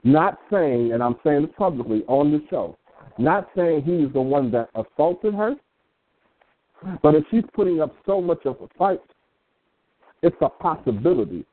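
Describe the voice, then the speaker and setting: A man co-hosting an internet radio show, talking in a deliberate, measured and emphatic way. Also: a little high, expressive. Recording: tinny phone-like line.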